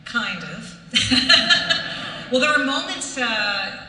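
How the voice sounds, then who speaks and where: A woman's voice: fairly high pitch, sing-song, slow pace, pushed and bright. A woman voice actor chatting on a convention panel, hesitant, with frequent ums. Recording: echoey convention hall, distant mic, noisy.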